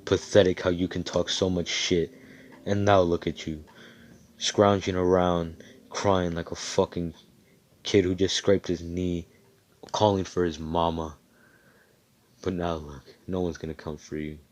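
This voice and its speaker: A cold, taunting young swordsman who sneers and swears at his beaten enemies, speaking in a deep, low voice, as a man puts him on while telling a fan story. He talks with flat contempt. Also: measured pace, long pauses. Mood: sneering.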